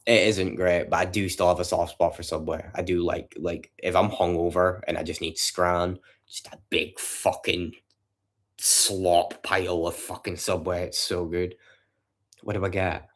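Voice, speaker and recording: Deep-voiced man streaming. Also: little pitch movement, unhurried. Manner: profane, rambling banter with chat. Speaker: livestreamer. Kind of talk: casual chat with a livestream audience. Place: his home at night.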